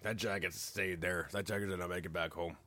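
With a deep voice and a brisk pace, a man recounts a story on a podcast in a casual, animated way. He swears without restraint and laughs as he goes.

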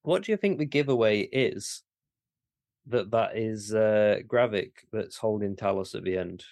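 A man co-hosting a podcast in casual chat, animated and incredulous, with some swearing and restarts. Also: fairly low pitch, measured pace, no room sound, clean studio sound. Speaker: podcast co-host.

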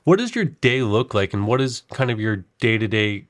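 A man's voice: lowish voice, big pitch swings, moderate pace, no echo, clean studio sound. A man hosting a podcast interview, asking long, many-part questions. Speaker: podcast host.

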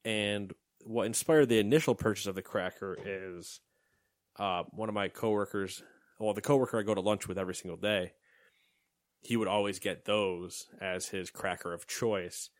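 A man's voice: lowish voice, steady tone, normal speed. A young man co-hosting a podcast in casual, rambling chat and laughing often. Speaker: podcast co-host.

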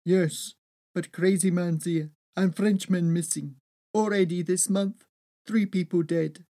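A woman voicing a gruff local man who speaks slow, broken English. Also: fairly low pitch, steady tone, dark tone, lightly acted. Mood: warning. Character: gruff foreign local man, blunt warning.

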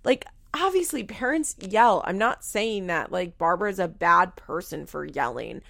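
Young female recap host with a gravelly edge, talking frankly and casually. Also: lowish voice, expressive, a little slow, fairly bright tone. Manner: frank, swears freely, many "like"s. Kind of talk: casual opinionated commentary.

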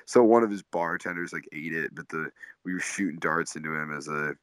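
Laid-back male comic, low voice with a bright edge, casual cursing storyteller, dry sound. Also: brisk, no room sound. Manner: laid-back, swears often, laughs through stories. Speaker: guest comedian and tour manager.

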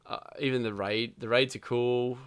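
A man's voice: medium pitch, normal speed, clear, resonant tone. A young man, chatting casually about a video game, swearing often and breaking into laughter. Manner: animated, swears a lot, bursts into laughter. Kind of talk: casual gaming chat.

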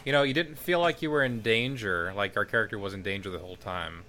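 A man with a low, bright and forceful voice joins a relaxed film discussion. He talks in a laid-back, agreeable way, with a faint hiss behind him. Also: quick pace. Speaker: podcast co-host. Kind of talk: casual movie review chat.

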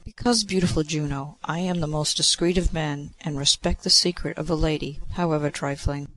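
A man's voice: fairly high pitch, steady tone, fairly quick, a bit bright, natural voice, low-quality recording. A man reading aloud, voicing an earnest, lovesick mortal king who pleads with a god.

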